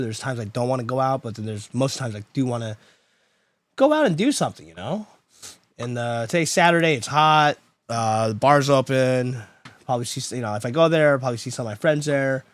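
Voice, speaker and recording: Exasperated streamer muttering and venting. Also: male voice, mid-range voice, no room sound. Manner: frustrated, exasperated, swings between loud outbursts and muttering; chats with viewers while troubleshooting. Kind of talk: casual live-stream chat.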